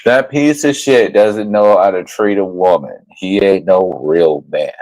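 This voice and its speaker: A man's voice: low voice, measured pace, a little mellow, rough recording. A man ranting over clips as a commentary YouTuber, profane and mocking. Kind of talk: reaction commentary rant.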